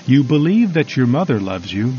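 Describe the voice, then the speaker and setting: A man's voice: medium pitch, big pitch swings, normal speed, mellow, close to an everyday voice. A man reading as a patient, earnest counselor. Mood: patient persuading. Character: earnest older man counseling a troubled son. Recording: slightly dull recording, faint music.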